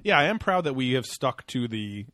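A man's voice: medium pitch, sing-song, moderate pace, fairly bright tone, no echo, clean studio sound. Rambling, laughing podcast co-host man. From West Coast of the US. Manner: laughs often, rambling with many fillers. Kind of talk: casual crude chat.

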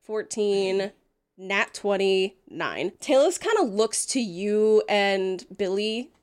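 A woman's voice: mid-range voice, expressive, slow, darkish tone, smooth. A woman running a tabletop game as game master, narrating with amusement and laughing often.

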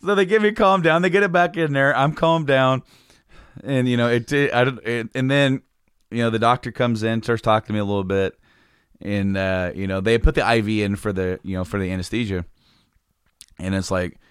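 A man's voice: mid-range voice, fairly even intonation, a little fast, smooth, no echo, clean studio sound. A man telling a long personal story in casual chat, rambling and restarting sentences, laughing often. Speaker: podcast guest telling a story.

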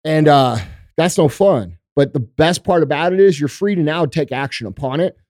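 A man's voice: fairly high pitch, normal speed, darkish tone, dry recording, clean studio sound. A male podcast host giving a blunt, profane motivational talk in a casual, emphatic way.

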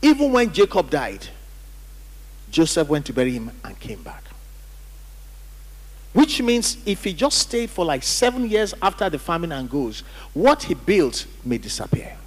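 A pastor with a high-leaning voice and huge pitch swings preaches emphatically and unhurriedly, calling on the congregation to read and repeat after him. It's a church hall during a service, with the hall's reverb in the recording.

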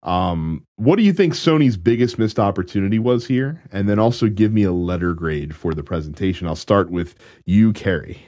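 A man hosting a casual podcast, steering the talk in a halting way with many fillers. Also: low voice, lively intonation, a little mellow. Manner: moderating, hesitant with many fillers. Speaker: podcast host.

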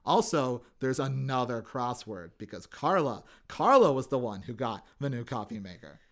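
A man in a relaxed podcast chat, telling the story of an episode with lively energy. He slips into quick put-on voices for the characters he quotes. He talks in an easy, conversational way. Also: mid-range voice. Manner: animated retelling, acts out quotes in funny voices. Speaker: podcast co-host recapping a TV episode. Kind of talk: casual chat.

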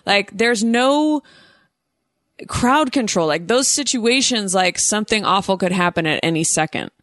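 A woman's voice: mid-range voice, animated, unhurried, a bit bright, no room sound. A woman from Oakland, California, hosting a podcast and joking her way through a casual phone chat. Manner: joking, playful, breaks into silly voices. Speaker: podcast host.

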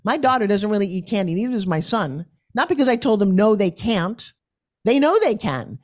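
A woman's voice: medium pitch, lively intonation, normal speed, a little mellow. A middle-aged woman, a podcast guest, telling parenting stories and acting out the voices of her children and others. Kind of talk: conversational storytelling.

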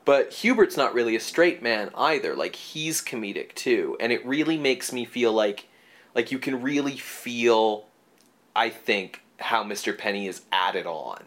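A man's voice: mid-range voice, expressive, a little slow, a bit bright. A man co-hosting a casual movie podcast, talking in rambling stretches full of fillers and restarts. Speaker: podcast co-host. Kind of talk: casual movie review chat.

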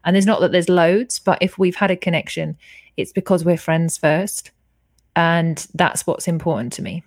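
A woman's voice: lowish voice, normal speed, a little mellow, no room sound, clean studio sound. A woman, telling her personal story frankly and earnestly as a podcast guest over a video call, swearing freely.

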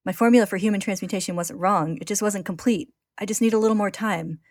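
A woman's voice: on the low side, fairly even intonation, fairly quick, no echo, studio quality. Woman voicing Edward Elric, desperate teenage boy. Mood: pleading. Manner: pleading, urgent, anguished.

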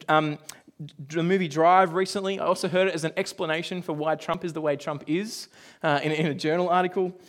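A man preaching a sermon in a conversational, storytelling way, with offhand asides and moments where he drops to a hush. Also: sits high. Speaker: pastor.

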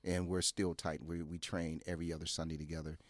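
A man talking as a podcast guest, telling animated stories and jumping into loud, high voices when he quotes people. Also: fast, dry recording. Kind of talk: casual storytelling.

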